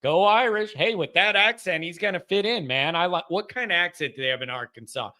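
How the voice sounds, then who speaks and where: A man's voice: sits high, expressive, fairly quick, bright, forceful tone. A man hosting a call-in show, chatting casually and frankly, often saying "man".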